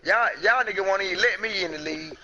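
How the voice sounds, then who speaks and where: A man streaming a console game from home, trash-talking his friends in loud, profane, boastful banter over a headset. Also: high voice, quick pace. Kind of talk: casual trash talk over game chat. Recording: muffled lo-fi stream audio.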